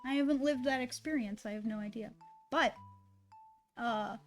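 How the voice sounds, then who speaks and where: A woman's voice: on the high side, normal speed, faint music behind. A woman streamer chatting casually and rambling, swearing freely and talking to her dog between thoughts.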